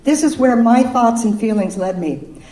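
A woman's voice: a little high, normal speed, dark tone, a little hiss or hum. Woman preaching in an echoey hall. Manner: playful, chatty, laughs with the audience. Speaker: speaker at a spiritual service. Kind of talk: informal sermon with breathing exercises. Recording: echoey room, distant mic.

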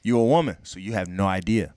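A man's voice: deep voice, expressive, quick pace, dark tone, clear, resonant tone. A man in casual podcast chat, profane and emphatic, pressing his point with rhetorical questions.

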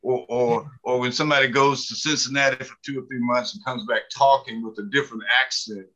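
A man's voice: mid-range voice, fairly even intonation, fairly quick, bright, forceful tone, rough recording. Folksy older man telling stories. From mountains of the American South. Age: 70s. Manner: folksy, humorous, many fillers. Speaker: author and guest. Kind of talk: storytelling interview.

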